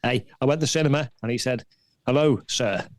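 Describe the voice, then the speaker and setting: A man's voice: medium pitch, rapid-fire, gravelly, no echo. A man on a comic online pub chat, dropping blunt, dry one-liners. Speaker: regular panelist.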